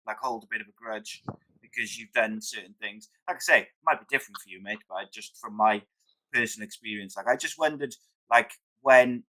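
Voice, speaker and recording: A man's voice: on the low side, a little fast, pushed and bright, low-quality recording. A man hosting a podcast, asking hesitant, searching questions and calling his guest "mate". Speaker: podcast host. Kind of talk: interview questions.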